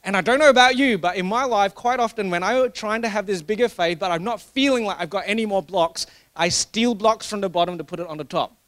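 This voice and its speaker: Guy preaching a sermon, pretty high voice, chatty and jokey, keeps restarting lines. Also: a little fast, few pauses, fairly bright tone. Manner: conversational, joking, with frequent restarts. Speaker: pastor.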